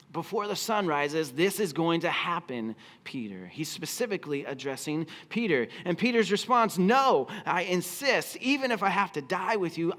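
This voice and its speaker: A man's voice: on the high side, a bit bright. A man preaching a sermon as pastor, telling the story expressively and acting out the quoted lines. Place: church auditorium.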